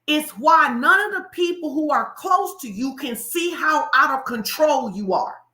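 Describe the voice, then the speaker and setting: A woman's voice: sits high, lively intonation, measured pace, pushed and bright, voice pushed up, full character voice. A woman voicing a blunt but caring male fitness coach who asks pointed, challenging questions, in an echoey room. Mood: probing.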